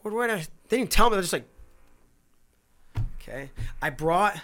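Man, high voice, bright tone, animated storytelling chat, acts out voices. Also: fast talker. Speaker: guest.

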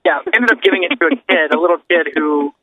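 A man's voice: a little high, lively intonation, quick pace, phone-quality sound, crowd noise. A man co-hosting a casual comedy talk show, musing in an easygoing way. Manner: easygoing, musing, wide-ranging intonation. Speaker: podcast co-host.

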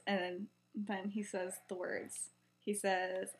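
A woman's voice: mid-range voice, little pitch movement, takes it slowly. Young woman rambling through a story. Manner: rambling, many fillers, acts out quoted lines. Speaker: podcast co-host. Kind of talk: casual chat retelling a story.

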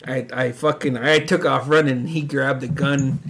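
A man's voice: mid-range voice, fairly even intonation, normal speed, vocal fry, fairly bright tone. A middle-aged man co-hosting a casual chat, telling stories with lots of laughter and cursing. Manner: swearing, laughing storyteller, acts out quotes. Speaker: podcast co-host.

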